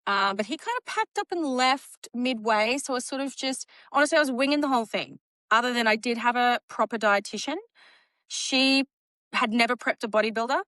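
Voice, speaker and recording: An animated woman in her late thirties or older, telling her story on a podcast. Her voice sits a little high, and she acts out what people said to her with quick laughs. The sound is close and dry, with no room around it. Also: dry recording. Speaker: guest, bodybuilding champion.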